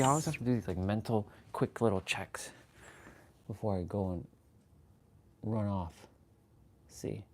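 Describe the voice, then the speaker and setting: A man's voice: on the low side, darkish tone, slight background noise. A man live-streaming from his phone while walking outdoors, chatting casually and laughing often as he talks to his viewers. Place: outdoors on a street. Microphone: phone on a gimbal.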